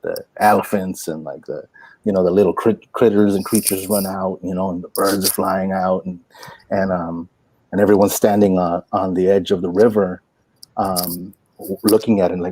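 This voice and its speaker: A man in his forties, a poet and workshop teacher, telling stories in an animated, folksy way full of "like" and "you know". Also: sits low, moderate pace, a little hiss or hum. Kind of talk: inspirational storytelling talk.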